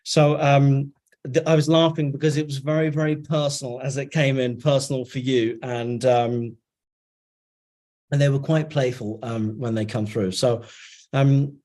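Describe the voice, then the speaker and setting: A man's voice: mid-range voice, steady tone, measured pace, a little mellow. Chatty man explaining channeled messages. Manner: rhythmic chanted syllables, then chatty with many fillers. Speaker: channeler guest. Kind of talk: channeling in light language, then casual explanation.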